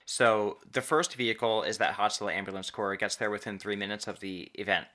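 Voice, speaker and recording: A man with a fairly low but bright, forward voice tells a true story to a co-host. He talks casually, often restarting sentences and drawing out key words for weight. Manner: halting, restarts and stretched emphasis on key words.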